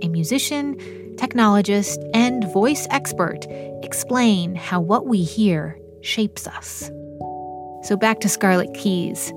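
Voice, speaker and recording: A woman hosting a show, narrating and interviewing in a measured presenter voice. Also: medium pitch. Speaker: radio show host. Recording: studio voice with music underneath.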